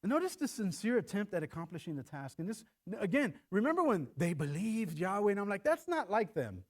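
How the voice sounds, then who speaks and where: A middle-aged man preaching a sermon in church, animated and acting out quoted lines in shifting voices. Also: sits high, quick pace. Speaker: pastor.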